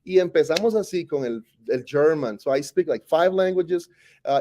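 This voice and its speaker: A Costa Rican man who teaches recounts his life in a storytelling interview, his voice a little high and his pace normal. He speaks with a Costa Rican Spanish accent, and his telling is animated, wandering, and full of self-corrections.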